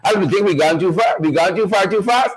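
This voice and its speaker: A high-voiced man runs a live online show. He repeats himself to build energy and greets viewers one by one in a loose, hyped-up chatting style. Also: brisk, poor audio. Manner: repetitive, hype-building, calls out viewers by name.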